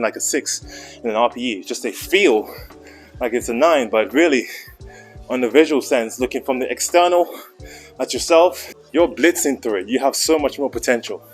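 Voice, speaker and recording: A young man talking between heavy gym sets, out of breath, mixing jokey asides with training tips in a casual vlog style. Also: medium pitch. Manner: joking, chatty coaching asides. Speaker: fitness vlogger. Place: indoor private gym.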